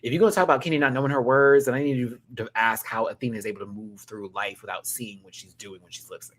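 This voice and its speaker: A young man hosting a live review chat, sassy and animated, laughing and then dropping to quiet asides. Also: mid-range voice, quick pace. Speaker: host reviewing a reality show live.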